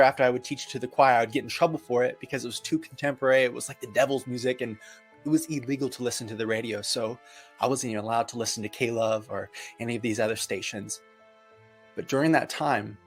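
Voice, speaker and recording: Man, mid-pitched, earnest testimony storyteller, vivid dramatic pauses, light music bed. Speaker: near-death experience witness.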